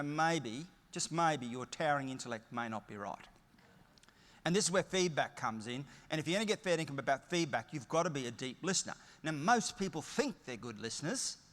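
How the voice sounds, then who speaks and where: A middle-aged Australian man delivers a keynote in a large conference hall, his voice sitting a touch high and carrying a long reverb tail. He talks in a chatty, storytelling way with easy humour. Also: fairly bright tone. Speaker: keynote speaker.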